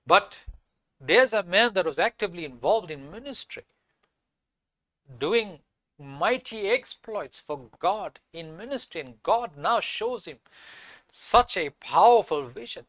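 A man delivers a sermon in a high voice, hammering home his points by saying them twice. He reads scripture aloud between his comments. The sound is dry, with no room echo. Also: expressive, measured pace, a bit bright. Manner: emphatic, repeats key phrases, reads scripture aloud. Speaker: preacher.

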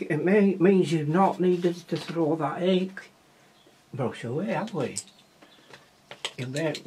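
A man's voice: a little high, noisy background. A man with a Wigan accent, teaching watercolour painting in a casual, chatty way, often asking viewers questions and muttering to himself as he paints. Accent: Wigan, Lancashire. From Wigan, England.

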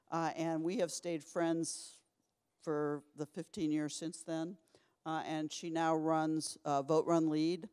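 A man hosting a live event introduces the next speaker, rambling a little and pausing on uhs. His voice sits a bit high and sounds smooth and clear. A long hall reverb trails behind him. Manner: warm, rambling, hesitant with uhs. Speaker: event host.

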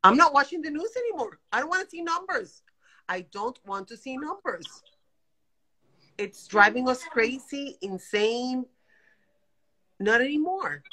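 A woman in her fifties speaks over a phone video call from her apartment. Her voice sits a little high, and she talks in rapid, animated bursts full of exasperation. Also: low-quality recording. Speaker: guest caller. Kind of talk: emotional live-stream chat. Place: home apartment.

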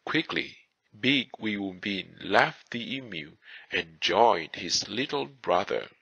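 A man narrates folk tales in a slow, measured storybook reading. His low voice is husky yet bright-edged. The dry recording sounds somewhat dull and lo-fi. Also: lively intonation, dry recording. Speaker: audiobook narrator.

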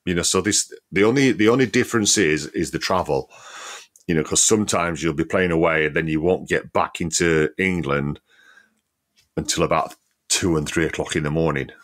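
A man with a very low, deep voice co-hosts a relaxed football podcast. He talks in an easygoing way, filling his sentences with "you know" and laughing often as he chats. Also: normal speed. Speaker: podcast co-host, former player. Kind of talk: casual football chat.

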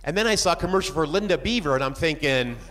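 Male stand-up comedian, animated delivery, noisy background hiss. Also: a little high, fast. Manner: animated, jumps into shouted bits.

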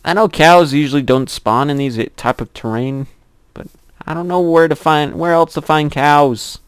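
A young man casually commenting on his own gameplay, chatty and giggly, rambling to himself and squealing high at cute animals. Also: normal speed, smooth, no room sound.

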